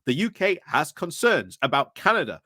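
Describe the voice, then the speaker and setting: A man's voice: a little high, very animated, moderate pace, bright, forceful tone, no echo, studio quality. A man giving casual, wry commentary on the news, laughing often as he talks. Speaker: YouTube political commentator.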